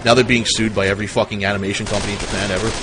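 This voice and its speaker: A man's voice: fairly low pitch, little pitch movement, very fast, background noise. Young man spinning profane tall tales. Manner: profane, rambling absurd tall tales told matter-of-factly. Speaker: game streamer. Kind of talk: casual storytelling while gaming.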